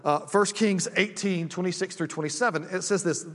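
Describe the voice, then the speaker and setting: A man's voice: high-pitched, moderate pace, in a large hall. A male pastor preaching a conversational sermon, with frequent restarts and friendly asides. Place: church sanctuary.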